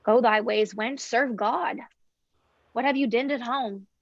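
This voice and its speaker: A woman's voice: fairly high pitch, unhurried, no echo, lo-fi sound. A woman reading the part of a weary, teasing old nurse in a table read of a play, complaining with groans and whispered asides.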